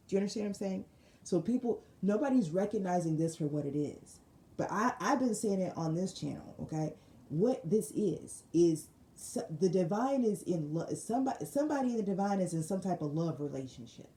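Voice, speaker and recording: A woman giving a casual spiritual tarot reading, telling it as an animated, slangy story with lots of repeated phrases. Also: fairly low pitch, reverberant. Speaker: tarot reader.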